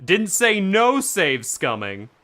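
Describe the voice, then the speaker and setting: Bright, lively male gaming streamer. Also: high-pitched, slow pace. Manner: playful, jokey, mispronounces words. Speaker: streamer playing a game. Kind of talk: casual group gaming chat.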